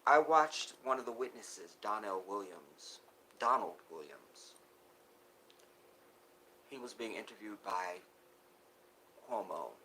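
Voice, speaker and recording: A man talking live to his viewers in an emotional monologue, breaking off and restarting, swinging from loud urgent pleas to hushed near-whispers. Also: lowish voice, expressive, slight background noise, rough recording. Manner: halting, restarts often. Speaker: live streamer.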